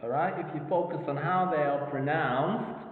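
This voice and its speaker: A man giving a slow, repetitive phonetics lecture, checking in with "okay?", speaking English as a non-native speaker. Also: on the high side. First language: Arabic. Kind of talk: university lecture. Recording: tinny, echoey hall recording.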